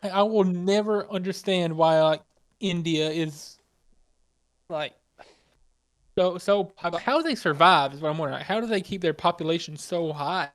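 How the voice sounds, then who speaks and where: A man co-hosting a podcast, talking loosely in slang with many halting fillers. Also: sits high. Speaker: podcast co-host. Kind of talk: casual chat.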